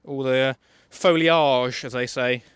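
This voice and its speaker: A man's voice: mid-range voice, fairly even intonation, a little slow, a bit bright, clear, resonant tone, no room sound. A young man, chatting casually on a livestream while fishing from a riverbank, joking and answering viewers' questions. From England. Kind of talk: casual live fishing commentary. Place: outdoors on a riverbank.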